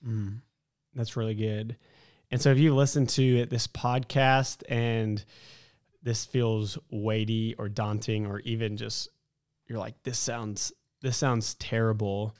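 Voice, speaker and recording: Smooth-voiced earnest male podcast host. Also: fairly low pitch, level tone, slow, a little mellow. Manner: earnest, encouraging, reads a quote aloud. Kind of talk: casual church podcast discussion.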